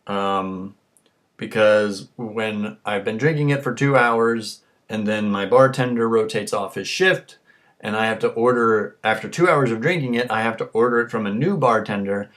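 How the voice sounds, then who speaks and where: A man's voice: fairly low pitch, moderate pace, a bit bright. Tipsy man ranting profanely. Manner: crude, ranting, swears constantly. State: tipsy from drinking. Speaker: vlogger. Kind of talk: rambling profane monologue to camera.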